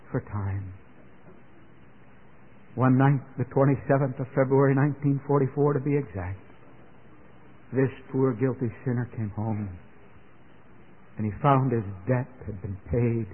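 A man's voice: mid-range voice, a little hiss or hum. An older man preaching a sermon in an earnest way that builds to fervent exclamations. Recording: tinny phone-like radio broadcast.

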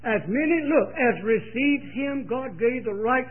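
A man's voice: extremely high pitch, lively intonation, unhurried. An older man preaching a sermon, telling a story with emphatic repetition and speaking straight to his listeners. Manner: emphatic storytelling, repeats phrases, direct address. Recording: tinny lo-fi sermon recording.

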